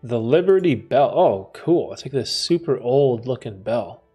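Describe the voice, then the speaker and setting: A young Canadian man hosts a livestream in a husky, dark-toned voice of medium pitch, unhurried but lively in intonation. Laid-back and slangy, he laughs often and reads the chat comments aloud as he talks. Soft music plays in the background.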